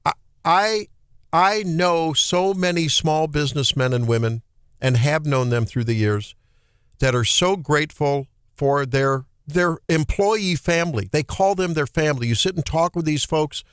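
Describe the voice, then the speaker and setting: A Midwestern man hosting talk radio, fired up and indignant, with a fairly high voice. He stumbles and restarts as he argues. The studio sound is dry and close. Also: a little slow, clear, resonant tone, dry recording. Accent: Midwestern American. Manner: animated, indignant, repeats and restarts. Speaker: radio talk show host. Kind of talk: opinionated political talk radio.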